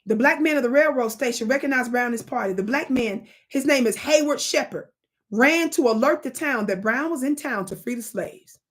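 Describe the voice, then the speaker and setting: A woman hosting a live stream, reading history aloud and calling out to her chat in an animated, preachy way. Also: high-pitched, fairly quick. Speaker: livestream host.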